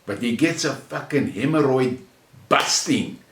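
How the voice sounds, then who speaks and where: A man with a South African accent delivering an angry, profane rant, mocking and contemptuous, swinging from shouts to low sneers. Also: lively intonation, a little slow. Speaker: channel host. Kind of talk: angry ranting monologue. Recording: roomy echo, mic at a distance.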